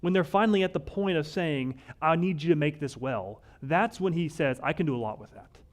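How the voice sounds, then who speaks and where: A male pastor giving a conversational sermon, wry and animated, often acting out the lines of the people in the story. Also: on the high side, brisk. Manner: conversational, wry, acts out quoted voices.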